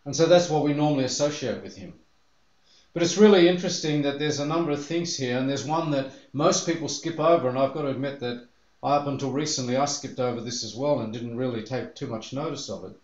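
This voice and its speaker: A man's voice: mid-range voice, fast, a little mellow, echoey room, muffled recording. A man preaching a sermon as pastor, earnest and telling the story with feeling. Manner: earnest, acts out the disciples' voices in quotes.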